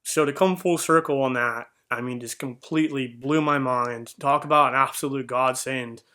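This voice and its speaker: A man's voice: mid-range voice, steady tone, normal speed, sharp tone. A young man telling a heartfelt personal story in an earnest, rambling way, with fillers and restarts. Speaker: vlogger.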